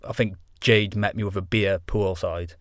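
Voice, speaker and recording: A man with a fairly low voice tells stories in a laddish, laughing way, full of slang. The sound is dry and close to the mic. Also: fairly even intonation, moderate pace, no room sound. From Wales. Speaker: guest. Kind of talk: casual podcast chat.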